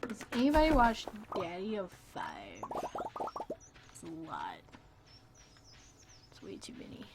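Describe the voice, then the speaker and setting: A woman's voice: on the low side, huge pitch swings, measured pace, heavy background noise. Playful rambling woman streamer. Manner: playful, rambling, jokey asides to chat. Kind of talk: casual gameplay live stream chat.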